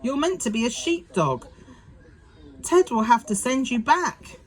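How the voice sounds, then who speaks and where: A woman's voice: on the high side, very animated, a little slow, voice pushed up. A woman doing an eager young farm boy. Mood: scolding.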